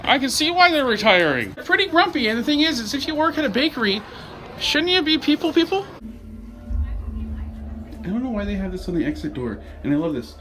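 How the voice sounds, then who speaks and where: A man's voice: very high voice, huge pitch swings, brisk, sharp tone, faint music behind. A young man vlogging casually while out and about, joking and rambling in a chatty way. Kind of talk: casual vlog chat.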